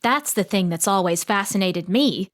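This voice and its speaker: A woman voicing a blunt, skeptical local woman in an audiobook, brisk in manner. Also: medium pitch, expressive, natural voice. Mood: curious. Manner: brisk, dismissive.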